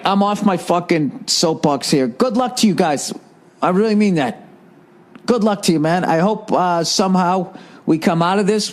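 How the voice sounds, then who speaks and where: A man hosting a podcast alone, ranting in a profane, sarcastic, rambling way. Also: fairly high pitch. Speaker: podcast host. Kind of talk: solo ranting monologue.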